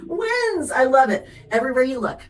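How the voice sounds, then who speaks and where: A woman's voice: sits high, very animated, moderate pace. Upbeat woman coaching her team, roomy echo. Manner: upbeat, chatty, encouraging, coaching. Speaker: sales director leading a team call. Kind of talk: motivational team call. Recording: roomy, echoey recording.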